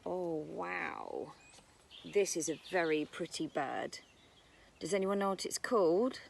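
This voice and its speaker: A woman's voice: lowish voice, slow pace, creaky, slight background noise. A British woman who teaches nursery, reading a picture book about birds to young children outdoors in a garden, using a sing-song storytime voice. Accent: British English.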